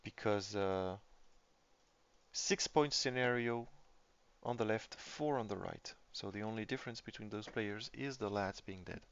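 A man's voice: lowish voice, measured pace, clear, resonant tone. A man giving casual live-stream commentary on a tabletop game, thinking aloud as he reads the game state. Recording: dull lo-fi stream audio.

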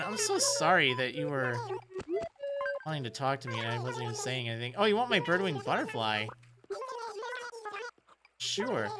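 Chatty man streaming a game. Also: medium pitch. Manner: chatty, laughs often, talks to the game characters. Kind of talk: casual gameplay commentary. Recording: game music playing loud. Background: game music.

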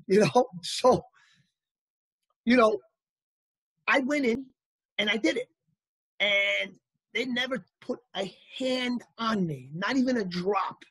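A man telling stories as an interview guest, animated and acting out the people he quotes. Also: sits high, slow, pauses often, slightly rough, no echo. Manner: animated anecdotal storyteller, acts out quotes. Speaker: actor guest. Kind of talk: casual storytelling interview.

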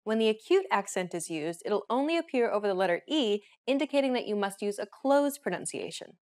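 A woman reads a scripted language lesson as its host. Her voice sits at an ordinary middle pitch, and she explains each point in a clear, measured way. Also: expressive, a little mellow.

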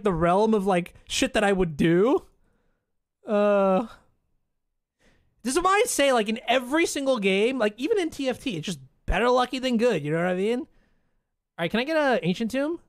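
A streamer giving casual live commentary on their own card game, muttering, swearing and breaking into excited outbursts. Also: mid-range voice, no room sound, studio quality. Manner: chats to chat and opponent.

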